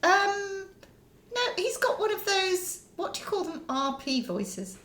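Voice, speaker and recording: A woman co-hosting a casual chat podcast, animated and laughing, often stammering as she starts her sentences. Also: very high voice, measured pace. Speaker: podcast co-host.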